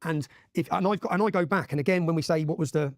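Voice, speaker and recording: Rapid-fire English man, urgent storyteller. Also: fairly high pitch, no room sound, studio quality. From England. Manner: urgent, emphatic, checks in with frequent "yeah?". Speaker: interview guest. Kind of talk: impassioned storytelling in a podcast interview.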